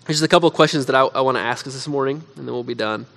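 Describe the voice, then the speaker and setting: A man, a pastor, preaching a sermon in a casual storytelling way, often saying "like," then dropping to quiet, earnest emphasis. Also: mid-range voice, racing, vocal fry. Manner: conversational storytelling with frequent "like".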